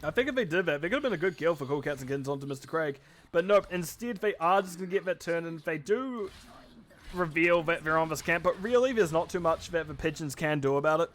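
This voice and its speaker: A man casting a live esports match with quick, chatty play-by-play commentary, often correcting himself mid-sentence. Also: on the high side, expressive, a bit bright. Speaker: esports caster.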